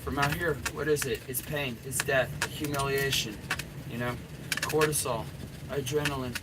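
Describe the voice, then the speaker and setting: A man's voice: medium pitch, steady tone, normal speed. Profane middle-aged man ranting over traffic noise. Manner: profane, rambling, blunt. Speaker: dating coach. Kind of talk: unscripted coaching rant.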